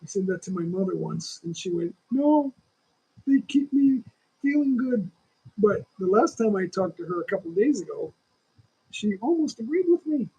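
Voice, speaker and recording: A man's voice: high-pitched, lively intonation, a little fast, gravelly, darkish tone, breathy edge, poor audio. A man in his sixties with a lingering cough, hosting a casual livestream and chatting in a rambling, opinionated way straight to his viewers. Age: 60s. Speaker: livestream host.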